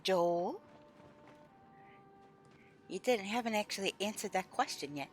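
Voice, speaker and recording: A woman's voice: medium pitch, lively intonation, unhurried, faint music behind. A woman live-streaming a game, chatting casually with her viewers and openly voicing her frustration.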